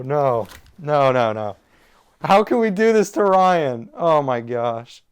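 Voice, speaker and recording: Animated young man reacting to TV. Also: a little high, slow, clear, resonant tone. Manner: emotional, exclaiming, talks to viewers. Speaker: reaction video host. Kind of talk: casual reaction commentary.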